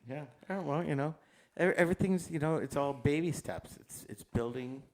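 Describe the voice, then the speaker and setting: A man's voice: fairly high pitch, normal speed, a little mellow. A man co-hosting a casual podcast, dropping dry, teasing remarks. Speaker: podcast co-host. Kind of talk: casual chat.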